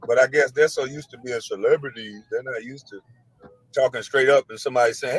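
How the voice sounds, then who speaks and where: A man calmly explaining his side, blunt, matter-of-fact and frustrated. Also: mid-range voice, fairly quick, slightly rough, low-quality recording. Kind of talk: casual self-defending explanation.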